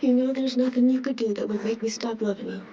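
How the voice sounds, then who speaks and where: An actress playing a loving mother who gently reassures her son in a crime reenactment. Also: fairly high pitch, fast talker, highs cut off, noisy background, natural voice. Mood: tender. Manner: soft, tender and reassuring. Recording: distant, with loud music underneath. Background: music.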